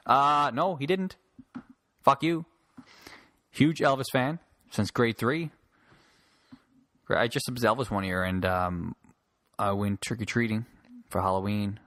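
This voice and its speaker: A man's voice: medium pitch, unhurried, long pauses, a bit bright, dry recording, studio quality. A man from Newfoundland, a comic, rambling and swearing through a casual solo podcast. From Newfoundland, Canada. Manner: rambling, profane, joking. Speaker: podcast host and stand-up comic.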